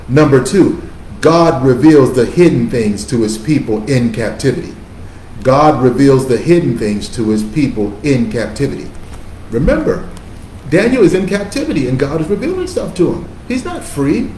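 A man's voice: mid-range voice, animated, normal speed, dark tone, slight background noise. Emphatic preacher man, echoey room. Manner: emphatic, conversational preaching with call-and-response. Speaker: pastor. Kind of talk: sermon.

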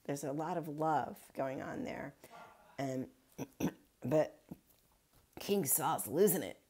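A woman's voice: low-pitched, takes it slowly, dark tone, breathy edge. A woman pastor giving a casual daily Bible reflection, retelling the story in a chatty way with wry asides.

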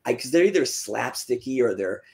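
A man's voice: a little fast, gravelly. Male author telling his story animatedly. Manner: lively, acts out quoted dialogue with pitch jumps. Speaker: fantasy author, interview guest. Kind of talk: casual storytelling.

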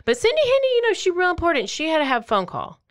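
A woman hosting a podcast, casually telling a true-crime story in an animated way and acting out quotes in playful voices. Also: extremely high pitch, quick pace. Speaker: podcast host.

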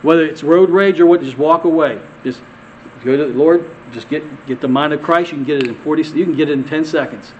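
A male pastor preaching a conversational sermon, asking the congregation questions and repeating words, swinging from emphatic peaks to quiet asides. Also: fairly high pitch, a little fast, muffled recording, slight background noise.

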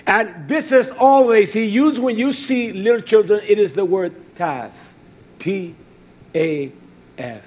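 A man preaching a sermon, emphatic, swinging between low asides and loud raised emphasis. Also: animated, takes it slowly, slightly rough.

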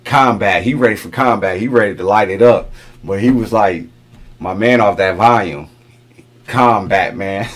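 A man's voice: fairly low pitch, normal speed. A middle-aged man hosting a reaction video, talking casually, repeating lines back to himself and chuckling as he muses over them.

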